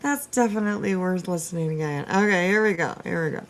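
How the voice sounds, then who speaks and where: A woman's voice: lowish voice, quick pace. A woman hosting a casual reaction commentary, profane and exasperated, laughing often as she reacts to clips. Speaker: host reacting to stream clips.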